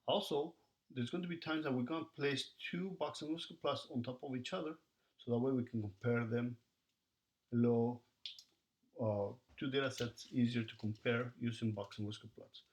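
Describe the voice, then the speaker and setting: A man's voice: mid-range voice, steady tone, normal speed, darkish tone. A man teaching a recorded math lesson, talking to students as he works through problems and counts the numbers aloud.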